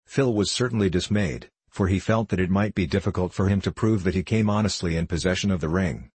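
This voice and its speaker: A man reading a novel aloud as an audiobook narrator in a measured, even way. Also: deep voice, breathy edge, no echo. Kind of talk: scripted narration.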